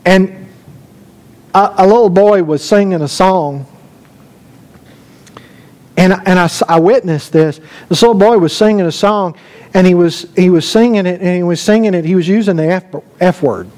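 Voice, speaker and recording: A man's voice: high-pitched, normal speed, long pauses, darkish tone, poor audio. A man, a pastor, preaching a conversational sermon, telling anecdotes with quoted dialogue and reading scripture aloud. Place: church sanctuary.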